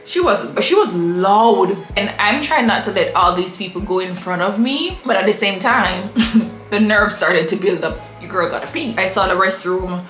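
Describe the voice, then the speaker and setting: A woman vlogger telling a travel story to camera in a casual, animated way, acting out the people in it. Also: mid-range voice, moderate pace, roomy sound, soft background music. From Jamaica. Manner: animated, acts out voices in her story.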